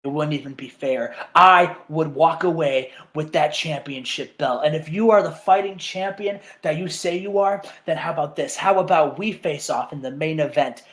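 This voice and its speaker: A man voicing a disheveled, bitter wrestling villain with a low, brooding, resentful delivery. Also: moderate pace, few pauses, a bit bright, close to an everyday voice.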